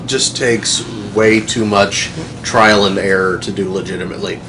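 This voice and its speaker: A man's voice: fairly low pitch, fairly even intonation, normal speed, background noise. A man streaming a game, casually and patiently explaining a puzzle, often repeating words as he restarts. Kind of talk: casual group gameplay chat.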